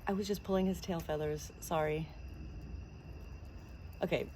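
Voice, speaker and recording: A woman's voice: lowish voice, fairly even intonation, a little slow, a little mellow, slight background noise, low-quality recording. A woman vlogging casually to the camera about her pet rooster at home, upbeat and cooing at the bird.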